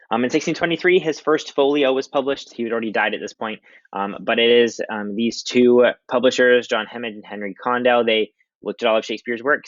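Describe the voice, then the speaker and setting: A young adult man, a high school English teacher, giving a casual recorded slideshow lecture with many ums. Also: a bit bright, dry recording. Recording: dry, dull lo-fi audio.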